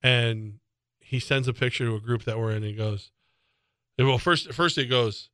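A man's voice: mid-range voice, normal speed, fairly bright tone, smooth, dry recording, clean studio sound. A middle-aged man co-hosting a sports radio show, rambling and joking in casual talk.

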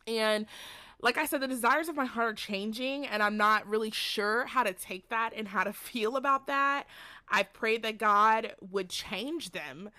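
A woman's voice: mid-range voice, pushed and bright, no echo. A young woman hosting a faith podcast, talking earnestly and candidly about her life in a rambling, personal monologue from home. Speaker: podcast host. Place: at home during a storm.

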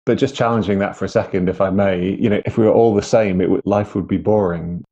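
A male podcast host with a very low, mellow voice muses aloud, reflective and hesitant. The sound is a little dull and lo-fi. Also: steady tone, fast talker. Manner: reflective, musing, with hesitant restarts. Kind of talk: podcast conversation.

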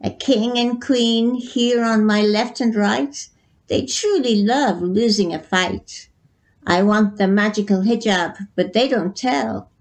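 A woman voicing a cruel, gloating female witch in a read-aloud story, drawing out her threats slowly. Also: mid-range voice. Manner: slow, drawn-out gloating delivery.

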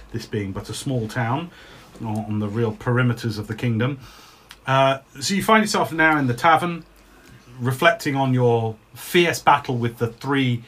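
A father running a tabletop game for his kids, his voice sitting at a middling pitch. He narrates loosely, slips into laughter easily and jokes along, with a faint hiss of noise under the recording.

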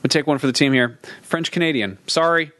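A man's voice: fairly high pitch, fairly bright tone, no echo. A man co-hosting a comedy podcast, joking and swearing in casual chat. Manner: profane, joking, quick asides. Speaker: podcast co-host.

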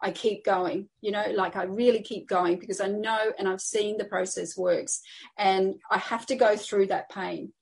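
A woman's voice: mid-range voice, steady tone, normal speed, vocal fry, darkish tone, breathy edge. A woman guest, a coaching client, talking casually and chattily with lots of fillers. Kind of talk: casual conversation.

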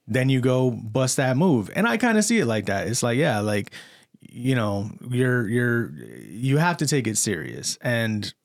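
A man's voice: medium pitch, lively intonation, measured pace, no room sound, clean studio sound. A young man co-hosting a casual movie podcast, rambling with lots of fillers and restarts. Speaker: podcast co-host. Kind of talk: casual movie-review chat.

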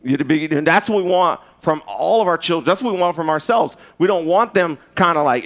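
A man preaching a sermon in a loose, conversational way, with restarts and asides, swinging from loud emphasis to hushed, and in his speech. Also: a little high, expressive, fairly quick, few pauses. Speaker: pastor.

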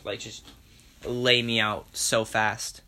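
A young man hosts a solo podcast, rambling casually in a low-ish, slow, flat voice that's nonetheless bright and forceful. He swears freely and pokes fun at himself.

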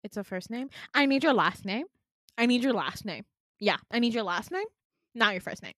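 A bored teenage receptionist girl, as a young woman puts her on, curt and condescending, pitched a bit higher and pushier than a plain speaking voice. The sound is dry and close, with no room around it. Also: expressive, a little slow, no echo.

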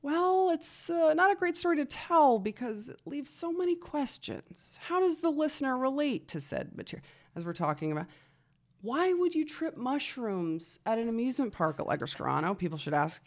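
A woman in her thirties telling a story in casual chat, animated and swearing, acting out what others said. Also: sits high, normal speed. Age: 30s. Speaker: podcast guest.

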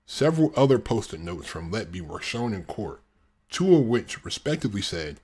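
Husky low-voiced man narrating true crime. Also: very animated, moderate pace, a little mellow. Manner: dry sarcastic asides. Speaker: podcast host.

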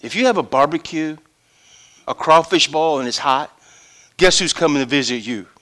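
A middle-aged man from preaching, his voice bright and ringing and pitched a touch high. He acts out other people's voices, drops to hushed asides, then climbs to full shouts. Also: normal speed. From Louisiana. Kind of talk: sermon.

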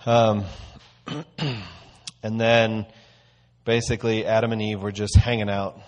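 A man with a somewhat low voice leads a casual church talk. He speaks in a loose, conversational way and eases into his teaching through a story. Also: fairly even intonation, slow pace. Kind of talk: casual sermon.

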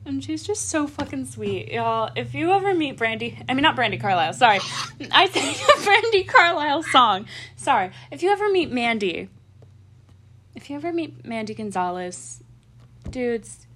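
A young woman chatting casually, telling an excited story with swearing and laughter. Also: a little high, normal speed, a little hiss or hum. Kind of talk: casual chat.

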